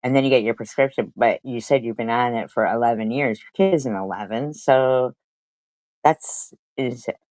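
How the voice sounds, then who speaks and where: A woman's voice: a bass voice, moderate pace, a little mellow, dry recording. A woman streaming live, making crude and mocking comments on a clip she is reacting to. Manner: mocking and crude, repeats jabs.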